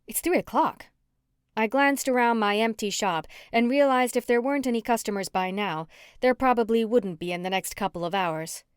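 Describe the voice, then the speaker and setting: A woman narrating a cozy mystery audiobook in first person, with an even storytelling delivery. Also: a little high, a little fast, smooth, no echo, clean studio sound.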